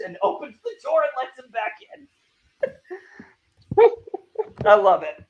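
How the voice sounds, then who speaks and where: High-voiced man animatedly retelling an anime. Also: a little slow, gravelly, pauses often, dull audio. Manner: animated retelling, acts out characters' lines. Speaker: podcast host. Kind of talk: casual anime review chat.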